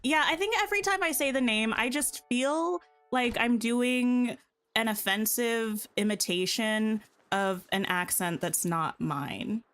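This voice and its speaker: A woman's voice: fairly high pitch, unhurried, a bit bright, soft background music. A woman streamer chatting casually while gaming, rambling and giggling at herself. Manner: rambling, giggly, self-deprecating.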